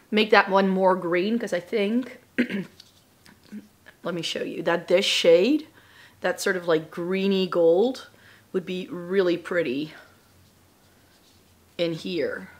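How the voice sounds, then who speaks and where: A woman beauty vlogger, a little raspy while getting over a lost voice, chatting casually and thinking aloud to the camera. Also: lowish voice, fairly even intonation, unhurried, long pauses.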